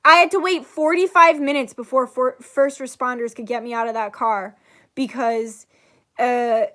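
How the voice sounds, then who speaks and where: High-voiced swearing young woman storyteller. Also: moderate pace. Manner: animated, swears freely, acts out quotes. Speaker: channel host, psychic reader. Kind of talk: casual storytelling chat.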